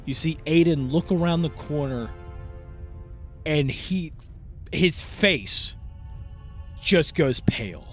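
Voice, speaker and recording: Animated man running a tabletop game, rambling with fillers, faint music behind. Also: fairly high pitch, slow, long pauses. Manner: lively, meandering, many fillers. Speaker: game master.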